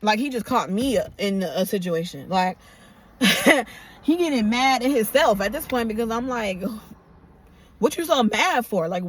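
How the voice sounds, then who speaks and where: A young woman in her twenties telling a storytime tale in a casual, profane, animated way, acting out her own outbursts. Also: medium pitch, normal speed, a little hiss or hum.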